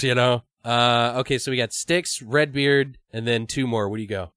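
A man talks through ideas in a loose, rambling way, swearing and laughing as he goes. His pitch sits in the middle range for a man. The recording is dry and close, with no room sound. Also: fairly even intonation, moderate pace, a bit bright, clear, resonant tone, no echo. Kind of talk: casual brainstorming chat.

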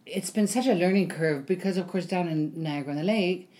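This woman actor, a guest on a casual interview, tells stories in a mellow, lowish voice at a slightly quick pace. She fills her chatter with plenty of ums and acts out what other people said.

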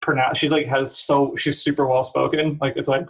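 A man's voice: mid-range voice, little pitch movement, moderate pace, low-quality recording. A man from San Francisco chatting as a podcast guest, telling rambling stories with many fillers and laughs. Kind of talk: casual chat.

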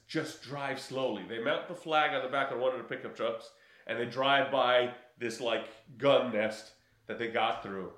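Man, casual film recap chat, laughing storyteller, roomy echo. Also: mid-range voice. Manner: animated, laughing, acts out lines in funny voices.

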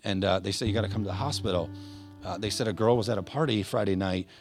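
A pastor with a lowish voice preaches a sermon during a church service, talking fast. He speaks earnestly and passionately, with many fillers and restarts, as a guitar plays softly in the background.

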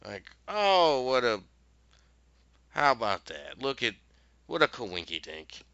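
Man, podcast host, chatty rambling recap with acted-out quotes; very bright, forceful tone, slightly muffled sound. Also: medium pitch, clear, resonant tone, no room sound. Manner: retells scenes, quoting characters' lines; rambling, many fillers and self-corrections. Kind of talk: casual TV episode recap.

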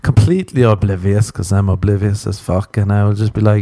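A man riffs through a loose comedic monologue, crude and self-mocking, swearing constantly and drifting from one aside to the next. His voice sits low, with a warm, mellow tone. The sound is dry and close, with no room around it. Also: fairly even intonation, a little fast, no echo.

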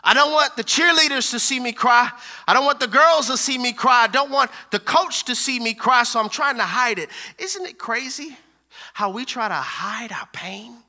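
High, intense, fervent male preacher. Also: animated, moderate pace. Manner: emphatic, repetitive preaching with sudden swings from loud to hushed; calls out to the audience. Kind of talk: sermon.

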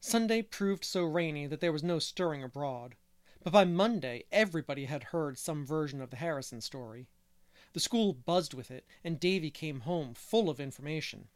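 A man reading a classic novel aloud as narrator, measured and unhurried. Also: fairly high pitch, lively intonation, no room sound. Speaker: audiobook reader. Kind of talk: scripted narration.

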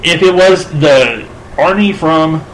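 A man's voice: fairly high pitch, slow, slight background noise, poor audio. A man in casual movie-talk banter, dry and joking as he needles his co-host.

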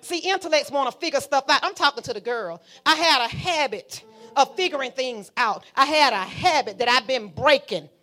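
A woman pastor preaching a sermon, talking to the congregation in a fiery, conversational way that swings from hushed asides to shouting. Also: high voice, lively intonation, normal speed. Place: church sanctuary.

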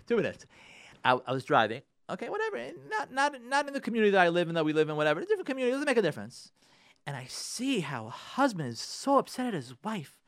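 Lively, high-pitched man preaching advice. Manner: animated and preachy, with repeated phrases and quick asides; sprinkles Hebrew and Yiddish religious terms. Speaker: radio show host and marriage counselor. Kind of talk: talk radio advice monologue.

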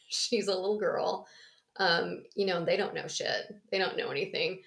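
A woman's voice: fairly low pitch, moderate pace, vocal fry. Woman retelling a story casually. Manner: rambling, animated, laughs often, acts out voices. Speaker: podcast co-host.

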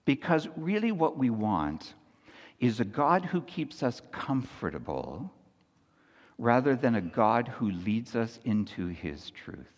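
A man delivering a sermon in a long-echoing hall, his voice sitting at an ordinary middle pitch. He talks to the congregation conversationally, dropping to near-hushed lines and then rising into loud, animated retelling. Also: takes it slowly. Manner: conversational preaching, frequent "Right?" asides. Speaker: pastor.

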